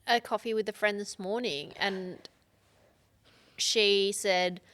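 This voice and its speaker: Woman podcast co-host, casual blunt chat, mid-pitch voice, a bit halting. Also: fairly even intonation, a bit bright, no echo.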